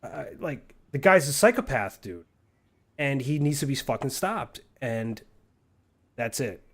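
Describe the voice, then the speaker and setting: A man's voice: medium pitch, big pitch swings, unhurried. A married man streaming a game, ranting in a heated, argumentative and profane way. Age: adult, married with a son.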